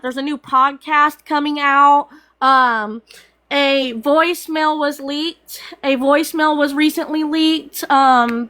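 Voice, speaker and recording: A young woman ranting on a phone live stream, her voice high and bright. She talks in an upset, looping way, repeating herself and stumbling over fillers and restarts. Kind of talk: emotional live-stream rant.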